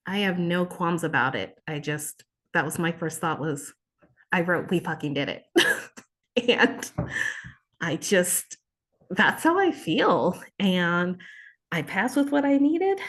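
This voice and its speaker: A woman in her thirties shares a personal story as an interview guest, her voice sitting a little low. She speaks in a heartfelt, expressive way, often stopping and starting over mid-sentence. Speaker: interview guest, exam passer. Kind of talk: emotional personal story in conversation.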